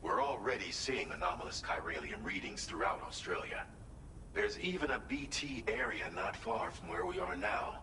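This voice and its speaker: An actor voicing a calm male game character who gives a formal mission briefing in a measured way. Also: deep voice. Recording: echoey, distant, noisy game audio.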